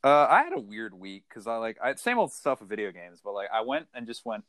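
A man co-hosting a casual podcast chat, animated and profane, laughing often and mimicking people. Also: lowish voice, brisk, no echo. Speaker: podcast co-host.

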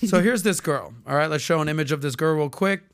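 A man hosting a podcast, telling stories in casual chat and acting out the people he quotes in loud, high voices. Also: fast talker, smooth. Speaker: podcast host.

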